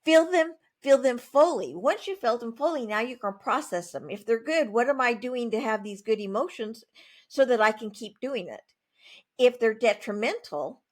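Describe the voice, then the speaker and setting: A woman guest author talks through her ideas in a relaxed interview, her voice sitting a little high. She is emphatic and plain-spoken, and she punches her points with animated asides. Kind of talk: conversational interview.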